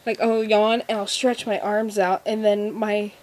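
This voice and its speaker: Teen girl doing a q&a vlog, giggly and kinda nervous, trips over her words a lot, middle-pitched voice. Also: level tone, measured pace, darkish tone. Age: teens. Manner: nervous, giggly, rambling with many restarts. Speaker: vlogger. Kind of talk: casual Q&A vlog.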